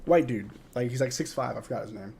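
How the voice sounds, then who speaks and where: A man's voice: mid-range voice, quick pace, creaky, mellow. A young man hosting a live watch-along, calling the plays in a tired, yawning way and answering viewer chat. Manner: tired, yawning, drowsy play-by-play; reads viewer chat aloud and replies. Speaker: live stream host.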